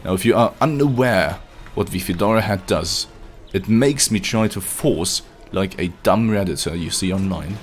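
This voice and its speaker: Over soft background music, a man with a low voice streams a video game live at normal speed. He jokes and swears while chatting casually with his viewers.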